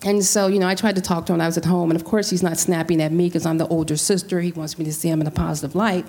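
A woman's voice: fairly low pitch, steady tone, rapid-fire, warm tone. A woman from Central California earnestly telling a family story in a casual discussion, with restarts and quoted dialogue.

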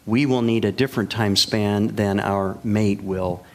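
A man's voice: fairly low pitch, fairly even intonation, unhurried, a little mellow. A man hosting a talk show, asking his guests questions in a wry, conversational way. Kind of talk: conversational interviewing.

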